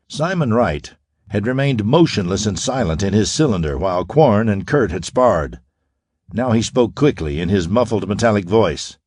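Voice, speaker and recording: Lively low-voiced male audiobook narrator. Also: moderate pace, husky, no echo, clean studio sound. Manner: lively, expressive reading.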